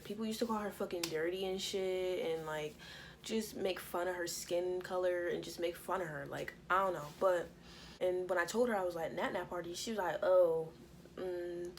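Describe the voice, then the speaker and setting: A young woman casually telling a personal story to her viewers, profane and lively, acting out what everyone said. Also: fairly low pitch, slight background noise, low-quality recording. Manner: animated, profane, acts out quotes. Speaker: storytime vlogger.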